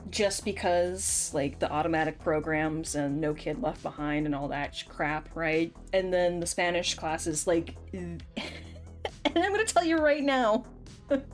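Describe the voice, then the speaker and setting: A woman's voice: low-pitched, fairly even intonation, measured pace, faint music behind. A young woman streaming a game, chatting casually and playfully with frequent laughs. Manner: playful, laughs often, scolds in mock threats. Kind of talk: casual gameplay chat.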